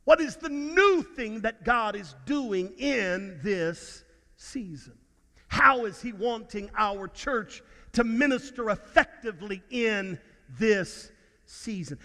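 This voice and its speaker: A man's voice: high voice, pushed and bright. A man preaching a sermon as a pastor, earnest and prone to stammered restarts. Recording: long hall reverb.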